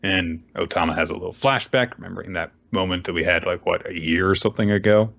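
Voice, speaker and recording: Guy with a lowish voice casually recapping a comic chapter, kinda muffled lo-fi audio. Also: fast talker, creaky. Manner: animated retelling, jumps into character voices for quotes. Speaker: podcast co-host. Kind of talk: casual recap with acted-out lines. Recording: dull lo-fi podcast audio.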